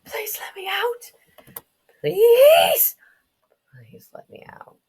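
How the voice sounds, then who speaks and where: A woman's voice: extremely slow, a little mellow, heavily acted. Woman putting on a terrified crying little boy. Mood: pleading, sobbing. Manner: tearful high whisper.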